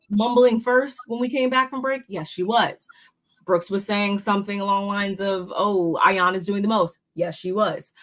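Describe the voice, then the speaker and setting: A woman talking through a casual review chat in a middle-pitched voice. She rambles in long loose sentences and jumps to loud, excited exclamations now and then. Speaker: podcast co-host reviewing a reality show.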